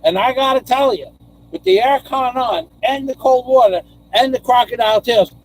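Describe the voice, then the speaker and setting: An older man hosting a live stream, rambling in a theatrical, self-mocking way with loud outbursts. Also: very high-pitched, moderate pace, a little hiss or hum, low-quality recording.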